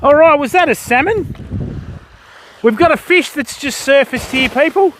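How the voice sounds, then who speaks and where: Older Aussie bloke, high-pitched, easygoing live host, outdoors. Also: male voice, expressive, normal speed, a bit bright, slight background noise. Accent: Australian. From Australia. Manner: chatty, greets viewers by name, calls them mate and bud. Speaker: fishing livestream host. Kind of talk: casual live commentary. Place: outdoors on a beach.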